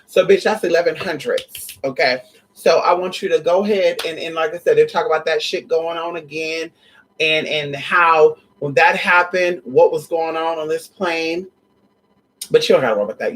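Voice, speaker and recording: A spiritual vlogger talking casually and excitedly to viewers, swearing often and rambling with many restarts. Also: medium pitch, normal speed, slight background noise, rough recording. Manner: profane, excitable, addresses viewers as y'all and honey.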